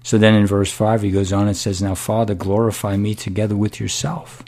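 A middle-aged man preaching a sermon, unhurried and emphatic, dropping to a whisper at times. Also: fairly low pitch, steady tone, vocal fry, darkish tone.

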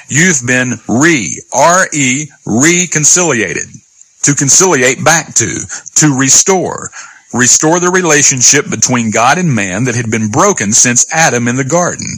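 A man teaching a radio sermon, emphatic and reading scripture slowly. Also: mid-range voice, bright, forceful tone, breathy edge, no echo, poor audio.

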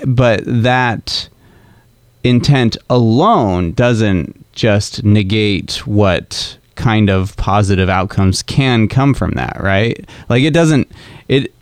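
A man's voice: lowish voice, slow pace, clear, resonant tone, no echo, clean studio sound. A man in a casual podcast discussion, thinking aloud with hesitant restarts and frequent agreement. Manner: hesitant, searching for words, agreeable.

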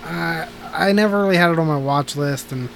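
A man's voice: a little high, a little fast, gravelly, slight background noise. A man casually reviewing movies on a podcast, rambling with lots of fillers and restarts. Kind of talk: casual chat.

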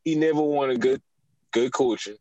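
A man's voice: mid-range voice, moderate pace, darkish tone, no room sound, low-quality recording. A man co-hosting a casual podcast, opinionated and emphatic as he rants. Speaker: podcast co-host.

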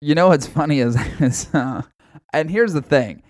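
A man's voice: a little high, normal speed, a little mellow, no room sound, clean studio sound. A man hosting a casual podcast, rambling and swearing freely and often breaking into laughter. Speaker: podcast host.

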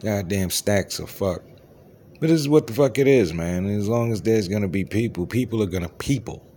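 Deep-voiced male host ranting crudely, low mutters swinging into loud outbursts. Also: moderate pace, a little hiss or hum. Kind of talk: profane solo rant.

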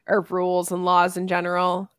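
A woman's voice: lowish voice, monotone, normal speed, fairly bright tone, clean tone, no room sound, studio quality. A woman co-hosting a casual podcast chat, reading verses aloud and speaking frankly. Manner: reads scripture aloud, candid and swears casually. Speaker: podcast co-host.

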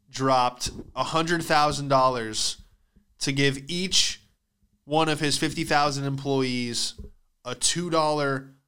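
A man's voice: medium pitch, sharp tone, clear, resonant tone. A young man giving a profane, rambling comedic monologue as a podcast host, acting out the voices of people in his stories.

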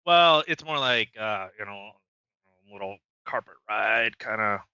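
Crude jokey podcast dude, high bright voice, kinda dull dry mic. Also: male voice, lively intonation, measured pace, clean tone, no echo. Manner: crude, joking, laughs a lot. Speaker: podcast co-host. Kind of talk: casual podcast chat.

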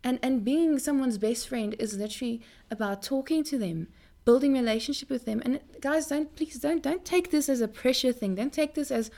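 A young woman speaking earnestly in a Christian faith talk to her viewers, often repeating words as she goes. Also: moderate pace. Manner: animated pitch jumps.

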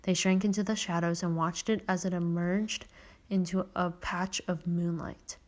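A woman's voice: lowish voice, flat delivery, moderate pace. A woman hosting a podcast, reading a children's novel aloud, with occasional stumbles and self-corrections. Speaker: podcast host reading a story.

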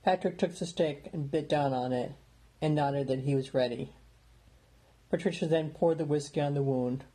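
A man narrating a story in a steady, plain reading voice. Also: fairly high pitch, moderate pace. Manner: plain steady reading, small lifts for dialogue. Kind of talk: audiobook narration.

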